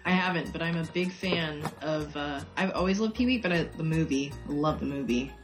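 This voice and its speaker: A woman guest chats on a podcast, relaxed and a little giggly, often trailing off as she speaks. Her voice sits on the low side for a woman. Faint music plays in the background. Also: moderate pace. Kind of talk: casual podcast chat.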